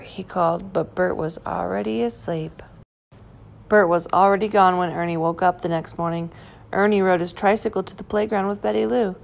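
A woman reading a children's picture book aloud in a gentle, clear storytelling manner. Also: on the low side, steady tone, moderate pace. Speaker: storybook reader.

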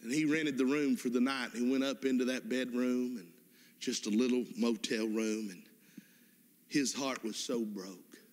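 A man's voice: mid-range voice, fairly even intonation, measured pace. A man preaching a sermon, telling a story and praying with fervent, emphatic repeated exhortations. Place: church sanctuary. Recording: long reverb of a church hall.

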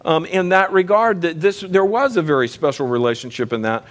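Man, church teacher, fairly high voice, chatty, asks the class questions. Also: animated, a little fast. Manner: conversational, asks the class questions, frequent restarts.

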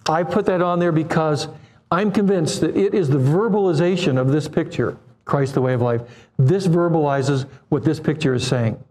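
A man in his seventies preaching a sermon, animated, acting out quoted voices and putting questions to the congregation. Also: on the high side, moderate pace. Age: 70s.

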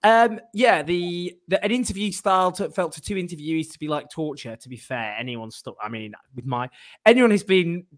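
A man's voice: sits high, expressive, moderate pace. A man with a Northern English accent hosting an interview, asking long, rambling, self-deprecating questions. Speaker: host.

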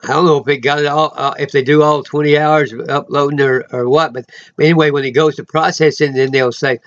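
A man giving an informal, rambling sermon he records himself, full of emotional asides and sudden loud exclamations. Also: on the high side, steady tone, brisk, highs cut off. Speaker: preacher.

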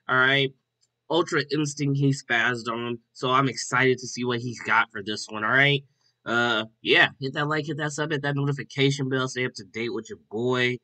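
A man's voice: medium pitch, pushed and bright. A man hosting a casual music reaction video, upbeat and chatty, often tossing in "like" and "all right?". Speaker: host.

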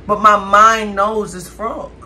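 A woman's voice: medium pitch, flat delivery, slow pace, bright, forceful tone. A woman vlogger, chatting dramatically to her viewers during a mukbang. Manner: chatty, dramatic, keeps addressing viewers as y'all. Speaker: food vlogger. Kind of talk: casual mukbang chat to viewers.

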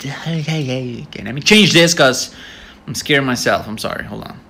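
A man chatting casually and playfully on a live stream, giggling and quick to apologize. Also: mid-range voice, gravelly, pushed and bright.

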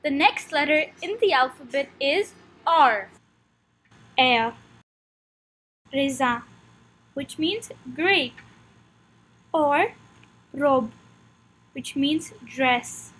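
A woman teaching pronunciation as a language teacher, speaking carefully and repeating each word slowly so the listener can follow. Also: high voice, lively intonation, fairly bright tone, rough recording. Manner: drawn-out, careful enunciation with repeated words. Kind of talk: slow, clear pronunciation lesson.

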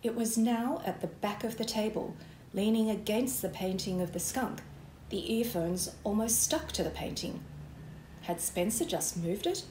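A woman's voice: medium pitch, a little slow, darkish tone, slight background noise. Woman reading a children's book, roomy sound. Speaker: author reading aloud. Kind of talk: children's book read-aloud.

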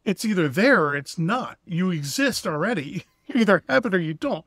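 A man's voice: sits high, animated, moderate pace, a bit bright, dry recording, studio quality. A man co-hosting a casual discussion podcast, reasoning his points aloud in a loose, conversational way. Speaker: podcast co-host.

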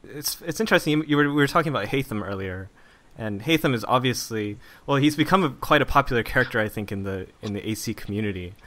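A man's voice: medium pitch, expressive, fast, pushed and bright. A man hosting a podcast interview, asking long, hedging questions full of "kind of.". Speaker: podcast host.

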